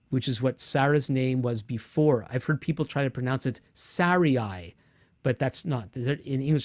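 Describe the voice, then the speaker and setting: Man, online Bible lecture, patient explaining, mid pitch, dry close sound. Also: a little mellow, dry recording. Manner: explanatory, patient, with frequent restarts. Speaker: Bible teacher. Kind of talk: online lecture with screen share.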